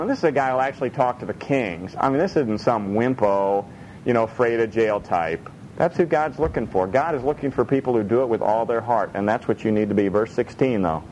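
A man preaching a sermon in an animated way, acting out voices from the Bible and laughing often. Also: mid-range voice, a little fast, slight background noise, low-quality recording. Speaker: pastor.

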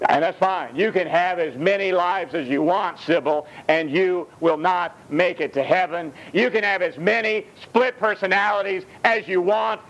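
A man's voice: high voice, fairly bright tone, rough recording. A man preaching a sermon, emphatic and blunt, with mocking asides.

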